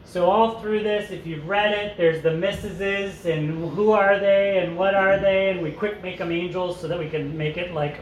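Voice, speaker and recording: Brief: fairly high-voiced male teacher, chatty with asides, roomy echo, faint hiss. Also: fairly even intonation, normal speed, few pauses. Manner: conversational, joking asides, reads aloud and comments. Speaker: teacher leading a parent study group. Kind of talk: casual teaching talk with read-aloud passages. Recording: echoey room with faint noise.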